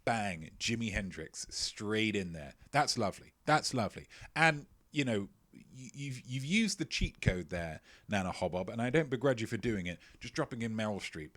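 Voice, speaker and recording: A man's voice: fairly low pitch, very animated, moderate pace, fairly bright tone, no room sound. A man hosting a live-streamed quiz, joking playfully and mocking himself as he rambles, often stumbling and repeating his phrases. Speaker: quiz host.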